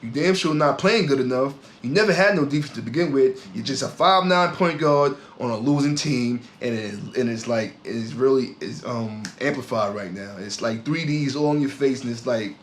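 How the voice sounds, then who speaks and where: A man's voice: mid-range voice, moderate pace, reverberant, slight background noise. A man co-hosting a sports podcast, ranting heatedly in casual talk and often repeating his words. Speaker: podcast co-host.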